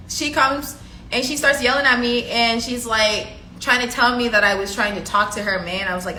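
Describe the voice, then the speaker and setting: A woman's voice: a little high, normal speed, reverberant, a little hiss or hum, low-quality recording. A woman telling a story to her viewers in a casual, chatty way, acting out what each person said and filling gaps with "like" and "you know.". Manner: animated, chatty, full of fillers, acts out quotes.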